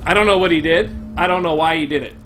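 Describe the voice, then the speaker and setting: A young man streaming a game live, commenting in an excitable, profane way and bursting into shouts. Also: fairly high pitch, fast talker, a little hiss or hum.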